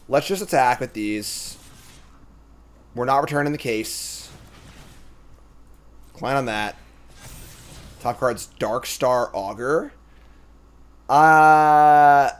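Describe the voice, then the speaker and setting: A man giving casual commentary on his card game, weighing each play out loud. His pitch moves around a lot, and he trails off with fillers and half-finished thoughts. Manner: thinks aloud, trailing off with fillers.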